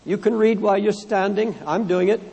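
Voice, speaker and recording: A man's voice: high-pitched, steady tone, fairly quick, warm tone, a little hiss or hum. A man preaching a sermon as pastor, speaking fervently, repeating phrases for emphasis, reading scripture and addressing the congregation directly. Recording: long hall reverb in a church.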